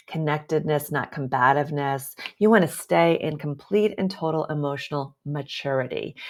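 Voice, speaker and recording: Low-voiced woman coaching calmly. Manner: calm, deliberate, with warm asides and quick laughs. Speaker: career and leadership coach. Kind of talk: presentation with slides.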